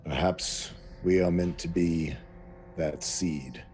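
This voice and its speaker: A man doing a very deep, grave Solomon. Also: a little mellow, a little hiss or hum. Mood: solemn. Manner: slow, grave, measured speech.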